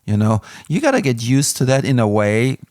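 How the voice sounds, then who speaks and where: A man's voice: medium pitch, big pitch swings, moderate pace, a little mellow, no echo, studio quality. A man casually reviewing an audio interface, candid and rambling, with plenty of fillers. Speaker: music gear reviewer.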